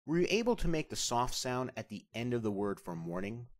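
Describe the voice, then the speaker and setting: Man, language teacher, scripted narration, deliberate, slow spelling-out of sounds, expressive pitch. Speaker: language instructor.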